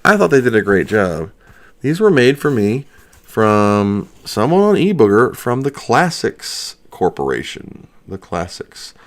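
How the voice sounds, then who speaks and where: Male host, low-pitched, chatty and jokey, loose livestream banter from a home studio. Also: huge pitch swings, a little slow. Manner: rambling, joking, answers chat questions as they come in. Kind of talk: casual livestream chat.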